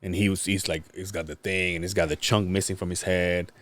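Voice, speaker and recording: Low-voiced man telling a rambling story. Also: flat delivery, fairly quick. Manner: rambling storytelling with many restarts. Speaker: podcast host. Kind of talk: casual podcast chat.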